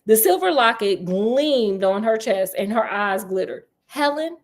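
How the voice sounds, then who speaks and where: With an animated mid-range voice and an unhurried pace, a woman storyteller reads a spooky children's novel aloud. She keeps breaking off for sassy asides, laughing as she goes.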